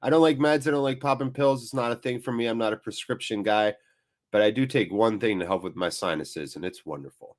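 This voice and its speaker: A man's voice: lowish voice, brisk. A sniffly man hosting a live match watchalong, giving chatty play-by-play. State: sniffly from blocked sinuses. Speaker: host.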